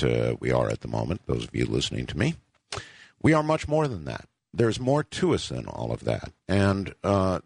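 A male radio host with a very deep, gravelly voice that swings widely in pitch as he presses on key words. He sounds husky and close to a dry studio mic, musing on what his callers' stories mean. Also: dry recording. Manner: reflective, sweeping emphasis on key words. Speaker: radio talk show host. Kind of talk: late-night call-in radio hosting.

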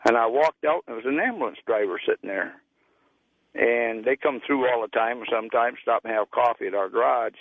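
A man's voice: mid-range voice, a little fast, no echo. A male caller, telling a personal story in a plain, folksy way. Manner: plain folksy storytelling, acts out quoted voices. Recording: tinny phone line.

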